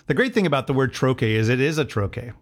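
A man's voice: mid-range voice, animated, fast. A man co-hosting a podcast, explaining things in a nerdy, playful way during casual chat. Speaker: podcast co-host.

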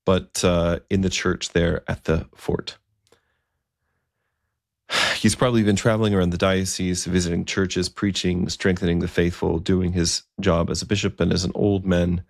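A man telling a historical story in a relaxed, conversational way, with asides and fillers. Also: low voice, gravelly, no room sound, clean studio sound.

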